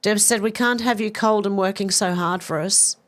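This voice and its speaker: Woman, live-stream host, mid-pitched, chatty and self-mocking, reads comments aloud and laughs a lot. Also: steady tone, moderate pace. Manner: chatty and self-deprecating, laughs often, reads messages aloud and answers them. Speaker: livestream news host reading viewer comments. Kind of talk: casual live-stream chat.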